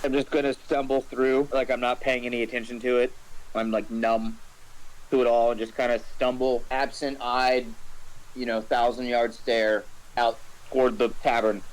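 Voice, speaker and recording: A man's voice: mid-range voice, level tone, normal speed, low-quality recording. A man playing a tabletop role-playing game, describing his character's actions with hesitant phrasing full of "like" and "kinda.". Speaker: player.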